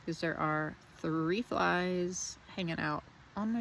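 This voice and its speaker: A woman's voice: on the low side, slow pace, gravelly, fairly bright tone, slight background noise. A woman musing reflectively on spiritual ideas, speaking outdoors in a meandering, searching way and repeating phrases. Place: outdoors in the wind.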